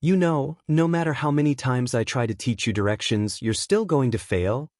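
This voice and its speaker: A man's voice: medium pitch, normal speed, darkish tone, no echo, natural voice. A man voicing a cocky ten-year-old boy who brags to his rival, with a smug, teasing manner, in a dry-sounding storybook reading. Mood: boastful.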